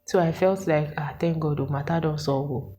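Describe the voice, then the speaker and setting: A Nigerian woman in her twenties, telling a story to her viewers in an animated, exasperated way and asking them questions. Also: low-pitched, moderate pace, slight background noise, low-quality recording. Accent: Nigerian English with Pidgin words. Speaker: vlogger. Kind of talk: casual storytelling to camera.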